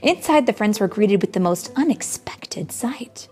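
A woman's voice: mid-range voice, expressive, measured pace, darkish tone, faint music behind. A woman reading a picture book aloud to children, stopping often to chat and explain. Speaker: storyteller.

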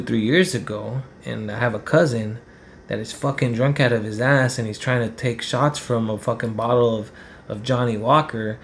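A man's voice: mid-range voice, a little hiss or hum. A man, telling a personal story in a rambling, heated, profane way. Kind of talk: casual storytelling.

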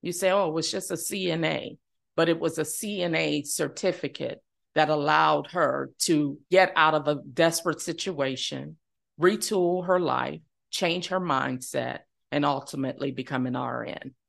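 A woman's voice: low voice, moderate pace, vocal fry. A middle-aged woman from New Orleans, a nonprofit chief executive, giving earnest interview answers in repeated, rhythmic phrases. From New Orleans, United States. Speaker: nonprofit CEO, podcast guest.

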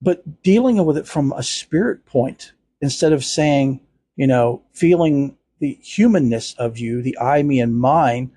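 A man hosting a spiritual talk show, speaking in a gentle, earnest way with many "you know" fillers. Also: mid-range voice, animated, a little slow, slightly rough. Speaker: podcast host.

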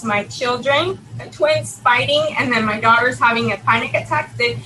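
Middle-aged woman, bright, fairly high voice, earnest testimony, emotional and halting. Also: a little hiss or hum, low-quality recording. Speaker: guest telling her near-death story. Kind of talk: personal testimony, conversational.

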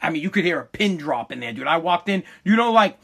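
A man with a high, sharp-edged voice tells a rambling story and swears at every turn. He stumbles, restarts and repeats himself as he pushes ahead, always casual and animated. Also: fast talker, creaky. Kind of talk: profane comic storytelling.

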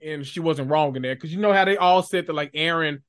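A podcast guest in casual chat, expressive and slangy, laughing often while giving opinions. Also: medium pitch, a little fast, clean tone.

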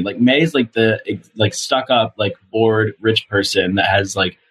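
Husky young guy rambling on a rewatch podcast, lots of likes and ums, dry jokes. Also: mid-range voice, fairly even intonation, normal speed, hardly any pauses, highs cut off. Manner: rambling, filler-heavy, self-deprecating. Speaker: podcast co-host. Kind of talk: casual rewatch chat.

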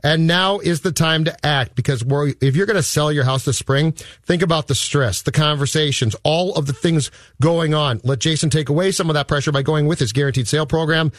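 A man's voice: fairly high pitch, a little fast, no echo, studio quality. A man co-hosting a sports radio show, blunt and opinionated, also doing live ad reads. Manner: blunt, opinionated, salesy on ads. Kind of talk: sports talk radio banter and live ad read. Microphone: studio microphone.

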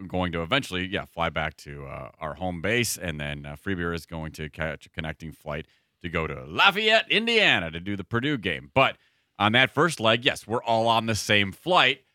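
A man co-hosting a show, recounting a trip in animated casual banter and laughing mid-sentence. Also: sits low, normal speed, dry recording, studio quality. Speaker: radio show co-host.

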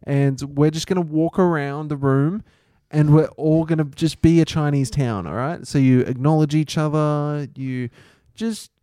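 A man playing an oblivious, inappropriate drama teacher in a flat, matter-of-fact tone, recorded dry and close. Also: a little high, unhurried, hardly any pauses, clean tone, dry recording, natural voice. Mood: deadpan.

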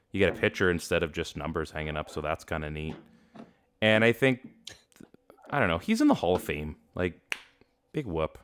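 A man co-hosts a casual hockey talk show. His voice sits very low and comes through smooth and clear, and he keeps the banter animated and jokey with frequent laughs. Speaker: podcast co-host.

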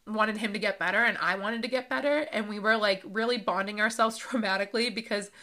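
On her podcast, a woman in her thirties tells her own life story in a personal monologue, loose and unscripted, full of fillers and laughs. Her bright, clear voice sits at medium pitch and moves fairly quickly, and she sometimes sounds close to tears.

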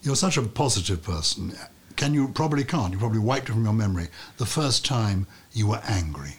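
A man hosts an interview, asking playful and probing questions. His voice is husky, and his pitch swings up and down a lot as he talks. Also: lively intonation, fairly quick. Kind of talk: casual chat.

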